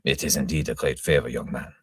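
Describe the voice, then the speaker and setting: A man's voice: a bass voice, fairly even intonation, fast talker, a bit bright, slightly rough, dry recording, clean studio sound, heavily acted. A man voicing a stern, commanding middle-aged male captain, speaking raised and emphatic. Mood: fatherly.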